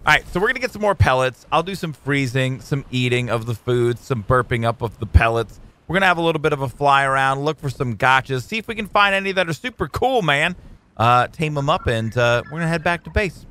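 Excitable man doing game commentary. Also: medium pitch, fairly quick, clear, resonant tone. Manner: excitable, jokey, talks to his tamed creatures. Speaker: gaming YouTuber. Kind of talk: let's play commentary.

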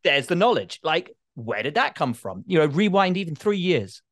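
A man's voice: a little high, sing-song, moderate pace, fairly bright tone, dry recording, studio quality. A middle-aged man chatting on a podcast as a guest, talking emphatically and expansively. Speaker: guest, motorsport reporter. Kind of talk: casual podcast chat.

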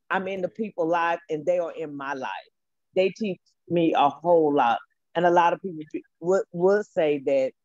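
A woman's voice: lowish voice, a little mellow, no room sound, dull audio. A woman calling in to a talk show, speaking in a heartfelt, emotional, repetitive way about her work. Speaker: caller. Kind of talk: casual call-in testimony.

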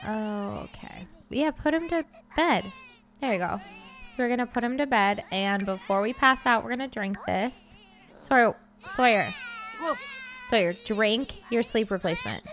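Female let's-play host, fairly high voice, casual running commentary, frantic pleading bursts. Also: moderate pace, a bit bright. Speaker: gaming channel host.

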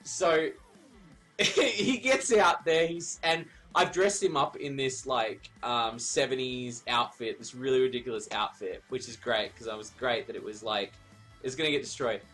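A man's voice: medium pitch, measured pace, fairly bright tone, faint music behind. Rambling, foul-mouthed guy telling a story. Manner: rambling, profane, laughs at his own story. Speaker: streamer. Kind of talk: casual storytelling on a live stream.

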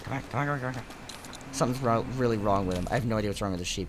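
A man's voice: lowish voice, racing, background noise. A young man hosting a casual let's play, joking crudely and rambling as he plays, dropping to mutters and jumping to squeals. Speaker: gaming channel host.

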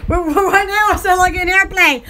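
A woman's voice: very high voice, fairly even intonation, fairly quick, bright, forceful tone. A woman hosting her own channel, rambling playfully and giggling as she acts out silly scenes. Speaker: channel host.

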